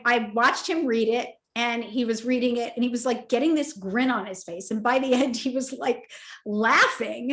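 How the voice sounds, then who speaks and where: A woman in her fifties, an author telling a personal story in an emotional, animated way at a virtual interview event, acting out the voices in her story. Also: on the high side. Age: 50s. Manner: animated, emotional, acts out quoted dialogue. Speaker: author and toy company co-founder. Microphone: video call.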